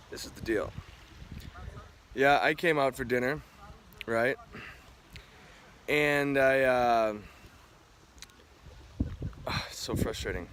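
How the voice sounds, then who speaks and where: A man's voice: medium pitch, fairly bright tone, a little hiss or hum. A young man vlogging outdoors by a resort restaurant, ranting and swearing as he recounts his frustrations to the camera. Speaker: travel vlogger. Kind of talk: venting vlog to camera.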